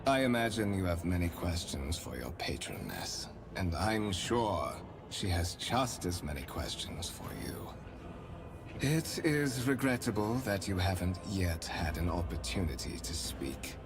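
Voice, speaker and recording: An actor voicing a refined, formal male imperial spymaster in a game, speaking in a measured, courtly way with clear music behind. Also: deep voice, heavily acted. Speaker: game character.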